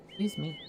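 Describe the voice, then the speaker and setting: A woman's voice: mid-range voice, mellow, slightly rough. A young woman streaming a game, joking and self-mocking in casual commentary, swearing freely.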